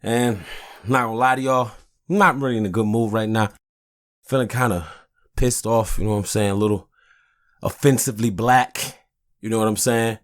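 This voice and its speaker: A man's voice: on the low side, steady tone, normal speed, pauses often. A man hosting a podcast, ranting angrily and swearing a lot, often asking "you know what I'm saying?". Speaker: podcast host. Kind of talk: casual ranting monologue.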